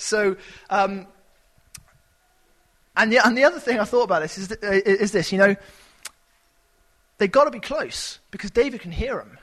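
A man preaches in a relaxed, conversational way, turning animated whenever he acts out a scene. His voice sits high for a man, bright and forward. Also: fairly quick, low-quality recording. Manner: conversational and animated, with sudden shouted character voices. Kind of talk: sermon.

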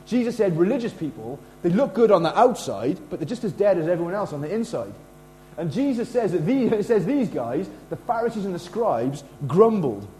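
A middle-aged man preaches in a chatty, animated way, often acting out quotes. His voice sits fairly high for a man but sounds mellow and soft-edged. A faint mains hum runs behind him. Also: brisk, rough recording. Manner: casual, animated preaching with lively acted quotes. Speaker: pastor. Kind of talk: sermon.

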